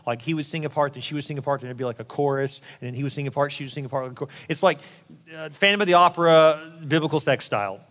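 Joking, candid male pastor with slightly high voice. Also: racing, a bit bright, in a large hall. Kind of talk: sermon.

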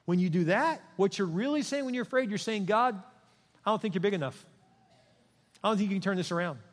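An older man preaching a sermon as pastor, emphatic and repetitive, dropping to a soft voice for prayer. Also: sits high, a little fast. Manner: emphatic, repeats lines with the congregation, softens for prayer. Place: large church sanctuary. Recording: long reverb of a large church hall.

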